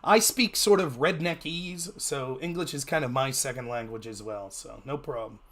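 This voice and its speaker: A man speaking as a guest political commentator in a casual interview, animated, with sharp upward jumps in pitch when he greets people. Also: moderate pace.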